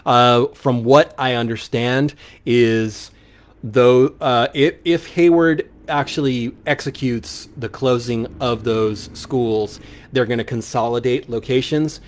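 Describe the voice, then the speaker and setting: A man's voice: mid-range voice, fairly even intonation, slow pace. Rambling man hosting local live radio. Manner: rambling, many ums and restarts, upbeat. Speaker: local radio show host. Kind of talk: casual live radio chat reading listener questions.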